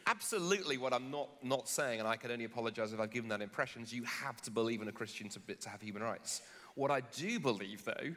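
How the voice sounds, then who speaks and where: A man's voice: mid-range voice, quick pace, hardly any pauses, sharp tone. A jet-lagged man arguing the Christian side in a live public debate on a conference stage, with jokey, self-deprecating asides. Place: conference stage before a large audience. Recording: hall reverb on a live stage.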